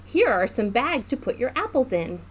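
A woman's voice: fairly high pitch, very animated, moderate pace, slight background noise. A woman voicing a friendly male rabbit farmer who runs an orchard, kindly and welcoming in a storybook.

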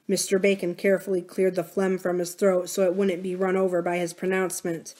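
A woman's voice: lowish voice, monotone, fairly quick, few pauses, warm tone. Woman reading a novel aloud. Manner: gives characters' lines a raised, livelier voice. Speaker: library reader.

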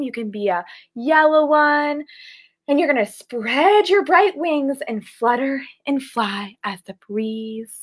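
A woman in her twenties hosts a livestreamed yoga class for kids in a high, sharp-toned voice, playful and sing-song. She barks and meows to match the animal poses. The recording is rough, with faint background music.

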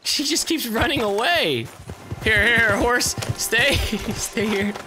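A man giving casual let's-play commentary while playing a video game, excitable, swearing a lot and yelling at the game. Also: very high-pitched, takes it slowly, over music.

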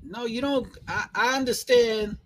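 A man's voice: very high voice, a little slow, poor audio. A man with a Brooklyn accent hosting a live stream, chatting casually and slangily with viewers. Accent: Brooklyn, New York. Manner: slangy, animated, laughs often.

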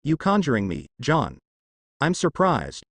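A smug male demon, as a man reads him, mocking at every turn. Lively pitch, dry close sound. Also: unhurried, no echo, heavily acted.

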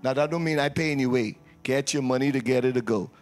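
Playful pastor leading a church service. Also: male voice, medium pitch, fast, faint music behind. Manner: playful, teasing, call-and-response with congregation. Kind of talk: church service announcements and prayer. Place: church sanctuary.

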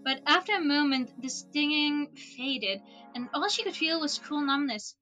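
A woman streamer reading a book aloud in a relaxed way, dropping small casual asides. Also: high voice, a little slow, dull audio, soft background music. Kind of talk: storybook read-aloud.

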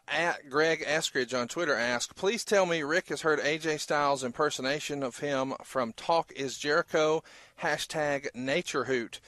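A man's voice: medium pitch, fairly bright tone, no room sound. A man co-hosting a podcast, introducing segments in an upbeat casual way. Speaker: podcast co-host. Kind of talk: casual chat.

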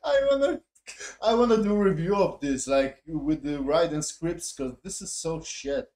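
A man's voice: fairly high pitch, measured pace, darkish tone. A man reviewing a show in a profane, mocking, exasperated casual rant. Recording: echoey room.

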